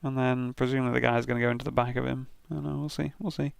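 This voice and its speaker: A man's voice: medium pitch, level tone, racing, gravelly, smooth, dry recording. A British man streaming, giving casual, sweary commentary with frequent laughs as he reviews racing crash clips. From Britain.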